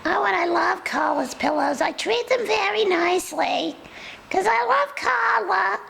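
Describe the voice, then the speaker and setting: A woman's voice: animated, unhurried, a bit bright, exaggerated voice, rough recording. A woman voicing a sassy, food-loving female pet dog with a New York accent, rambling and confiding. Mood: chatty. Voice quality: very high, gravelly. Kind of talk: comic pet voice role-play.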